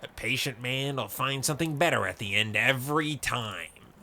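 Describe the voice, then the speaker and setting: Man playing an eager fisherman guy, urgent and earnest, gravelly, audiobook. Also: medium pitch, moderate pace, bright, forceful tone, a little hiss or hum. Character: eager male fisherman sailor.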